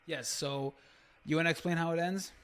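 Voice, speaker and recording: A man's voice: on the high side, steady tone, moderate pace, fairly bright tone, clear, resonant tone. A man co-hosting a podcast, recapping a show in a rambling, casual way with lots of fillers. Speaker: podcast co-host. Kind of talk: casual review chat.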